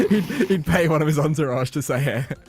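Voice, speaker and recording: A man's voice: fairly high pitch, animated, moderate pace, a little mellow, breathy edge. A young man co-hosting an esports show, bantering with playful, argumentative asides. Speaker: esports co-caster. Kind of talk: casual banter between matches.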